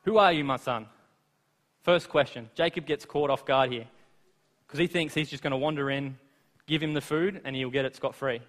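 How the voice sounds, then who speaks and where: A man preaching a sermon, retelling scripture in lively everyday words with asides to the listeners. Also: medium pitch, moderate pace. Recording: long reverb of a large hall.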